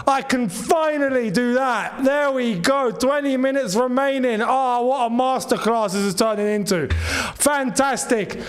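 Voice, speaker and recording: Excitable football fan, losing his voice. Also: extremely high pitch, measured pace, smooth. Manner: excitable, shouts and laughs at the action. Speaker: football watchalong host. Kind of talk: live match reaction.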